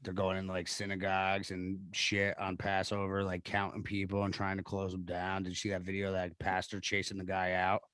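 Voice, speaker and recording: A man's voice: low voice, monotone, a little fast, hardly any pauses, fairly bright tone, clear, resonant tone, no echo. Casting: man, podcast co-host, teasing and joking, blunt slang, dry close sound. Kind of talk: casual podcast chat.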